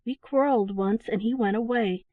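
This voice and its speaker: A woman's voice: on the high side, moderate pace, no echo, close to an everyday voice. A woman voicing a sweet, lonely little girl in a storybook. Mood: sweet, wistful. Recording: dry, phone-like narrow sound.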